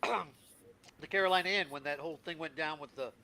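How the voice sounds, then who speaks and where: A man's voice: a little high, normal speed, bright, forceful tone. A man in casual chat who chimes in agreeably and trails off mid-thought.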